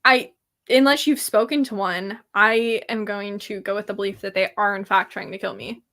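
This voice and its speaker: Bright-voiced young woman, playfully dramatic. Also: medium pitch, steady tone, moderate pace. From California. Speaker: guest. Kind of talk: casual chat.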